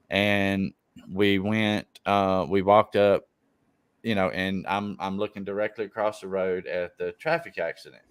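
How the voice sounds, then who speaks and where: A man hosts a casual live stream and spins laid-back stories. His voice sits low and smooth, and he swears freely. The sound is close and dry. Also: no room sound. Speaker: live stream show host.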